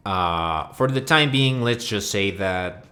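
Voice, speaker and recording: A man's voice: fairly low pitch, animated, slow, sharp tone, faint music behind. A man delivering a crude, swearing, mock-outraged rant that rambles from point to point. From Mexico. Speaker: video host. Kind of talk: profane comedic rant.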